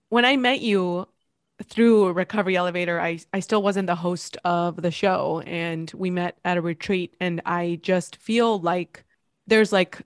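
A woman's voice: on the low side, clear, resonant tone, dry recording, studio quality. A woman hosting a recovery podcast, encouraging her guest and openly moved to tears. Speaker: podcast host. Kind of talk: conversational interview.

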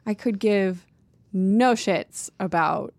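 A woman's voice: medium pitch, slow, darkish tone, dry recording. A woman co-hosting a casual chat, blunt and dry, swearing freely. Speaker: podcast co-host.

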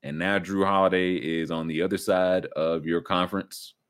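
A man's voice: sits low, normal speed, clean tone. A man hosting a casual sports talk show, talking loosely and slipping into mock voices. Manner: loose, animated, drops into mock voices and impressions. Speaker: podcast host.

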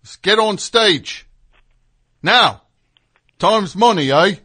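A man doing an impression of a rough, pushy male English rock drummer, barking orders in a put-on English accent. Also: high-pitched, animated, takes it slowly, pushed and bright, voice pushed up, full character voice.

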